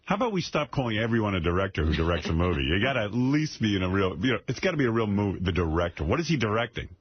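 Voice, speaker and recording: A man's voice: on the low side, sing-song, very fast, breathy edge, no room sound. A man hosting a radio show, talking casually and mocking a bad film clip with his co-hosts. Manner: sarcastic, mocking. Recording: slightly dull radio broadcast sound.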